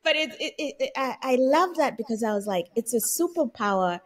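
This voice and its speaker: A woman co-hosting a podcast, talking in a lively, conversational way with playful asides. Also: fairly high pitch, brisk. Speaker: podcast co-host. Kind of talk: casual conversation.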